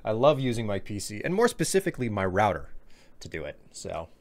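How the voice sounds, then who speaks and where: A man's voice: lowish voice, sing-song, brisk. A man streaming live, chatting casually, rambling and joking as he reads his chat.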